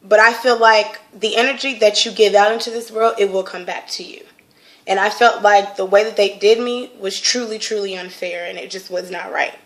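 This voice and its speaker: Young woman, casual vlog testimony, heartfelt and rambling, mid-pitched voice. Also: fairly even intonation, moderate pace, a bit bright. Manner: emotional, earnest, rambling with many fillers. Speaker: vlogger sharing a personal testimony. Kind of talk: casual personal talk.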